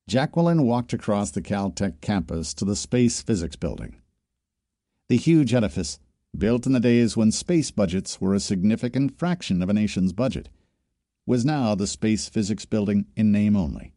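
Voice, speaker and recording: A man reading a novel aloud in steady, measured scripted narration. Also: lowish voice, no echo, clean studio sound. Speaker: audiobook narrator.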